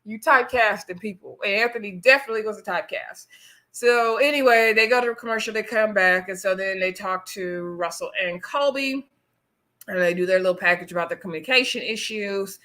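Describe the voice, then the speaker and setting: A young woman with a bright, forward voice recaps a reality show live. She is casual and sassy and keeps turning to her viewers to call them y'all. Her pitch sits right in the middle for a woman. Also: a little fast. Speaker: host reviewing a reality show.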